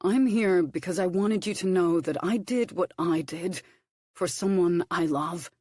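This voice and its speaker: A woman voicing a brooding earl, a grown man raised at sea, in an audiobook, speaking low, gently and gravely. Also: a little slow, no echo, studio quality. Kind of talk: audiobook character reading.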